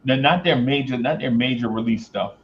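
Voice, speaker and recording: A man hosting a casual talk show, rambling and thinking aloud with many pauses and fillers. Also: medium pitch. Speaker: host. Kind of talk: casual chat. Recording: slightly dull, faintly noisy.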